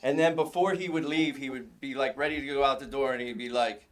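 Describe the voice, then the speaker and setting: A middle-aged man, a father giving an informal eulogy at a funeral service, telling relaxed, anecdotal stories and chuckling often. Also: mid-range voice, a little fast.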